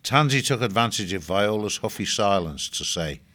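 Male audiobook narrator, deep, steady scripted storytelling. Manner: slow, measured storytelling.

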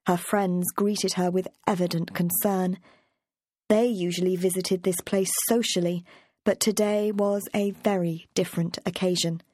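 A woman's voice: fairly low pitch, flat delivery, measured pace, darkish tone, dry recording. Woman narrating an audiobook, dry sound. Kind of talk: scripted narration.

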